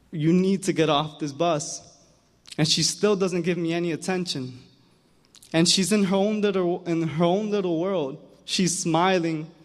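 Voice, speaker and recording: A young man telling a personal story on stage at an awards event, earnest and emotional, often repeating words as he goes. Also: a little high. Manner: earnest, emotional, halting repetitions. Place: large hall. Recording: hall reverb from a big room.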